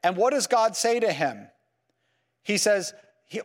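A man leads a Bible lecture in a room with slides, his voice pitched high for a man. He keeps the class engaged with rhetorical questions and frequent checks of "okay?" and "right?". A long hall reverb trails his words. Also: animated, a little slow. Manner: peppers sentences with "okay?" and "right?". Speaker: Bible teacher.

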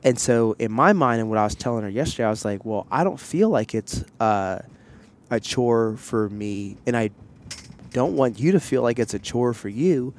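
A man's voice: mid-range voice, expressive, moderate pace, darkish tone, slight background noise. A man hosting a podcast, telling a long personal story in a candid, rambling way, full of fillers and side remarks, recorded outdoors in public on a headset mic. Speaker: podcast host. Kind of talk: casual chat.

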